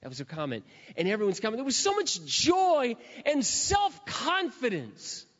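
A man preaching a sermon in a lively storytelling style, retelling a scene with dramatic acted quotes. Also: very high voice, normal speed. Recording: dull lo-fi with long hall reverb.

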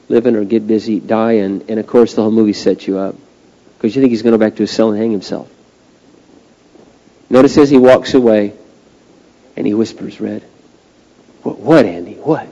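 A male pastor preaching a sermon, swinging from hushed, slow passages to loud, drawn-out climaxes. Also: medium pitch, muffled recording. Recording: long reverb of a large hall.

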